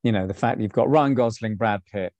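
A man's voice: on the low side, a little fast, darkish tone, no echo, muffled recording. A man co-hosting a film club chat, talking casually and easily breaking into laughter. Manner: chatty, laughs often, backchannels.

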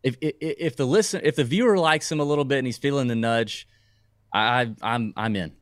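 A man's voice: mid-range voice, brisk, no echo, studio quality. A man co-hosting a casual sports talk podcast, rambling and hesitant, with frequent restarts. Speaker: podcast co-host.

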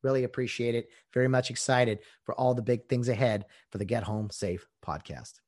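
A man's voice: mid-range voice, fairly quick. A man hosting a casual solo sports podcast, rambling conversationally with lots of fillers, sounding a little out of breath with a sore voice, in a small home studio. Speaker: podcast host.

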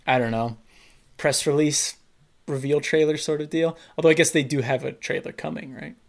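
A woman with a very low voice co-hosts a casual podcast chat. She sounds laid-back and steers the talk along. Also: moderate pace, gravelly. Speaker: podcast co-host.

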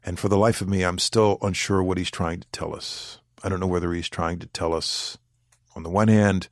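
Man, deep voice, dry close sound; deliberate, careful interview answers. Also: steady tone, no room sound. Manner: deliberate, weighs words, pauses to choose phrasing. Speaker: former government official, interview guest.

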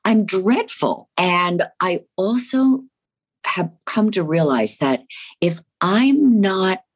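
A woman's voice: mid-range voice, lively intonation, slow, slightly rough. A woman from New Jersey, a stage and screen actress, talking expressively and emphatically in a casual interview. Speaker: actress, guest.

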